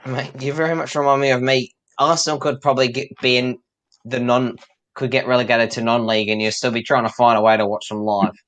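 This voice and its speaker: A man chatting casually about football, relaxed and easygoing as he spins a story. His voice sits at an average pitch with an ordinary, unremarkable tone. He laughs here and there as he talks. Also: brisk. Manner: relaxed, chatty, laughs while telling stories. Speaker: co-host.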